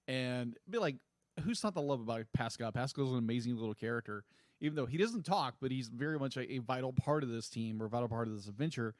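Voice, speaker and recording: A man co-hosts a podcast in a loose, casual chat, often stopping and restarting his thoughts. His voice sits in an ordinary middle pitch. The sound is dry and close, with no room around it. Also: lively intonation, no room sound. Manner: rambling, halting with many restarts and fillers. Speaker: podcast co-host.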